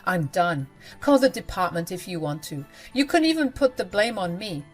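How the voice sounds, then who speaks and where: A betrayed wife bent on revenge, voiced by a woman. Her lowish voice is cold, cutting and defiant. Faint music runs behind this dramatic spoken story. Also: big pitch swings, moderate pace.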